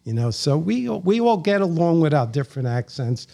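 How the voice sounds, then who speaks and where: Mellow-voiced New York man, chatty storyteller. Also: on the high side, big pitch swings, normal speed, vocal fry. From New York, Bronx. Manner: leisurely, chatty storyteller, wry humor. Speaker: guest. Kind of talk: casual interview chat.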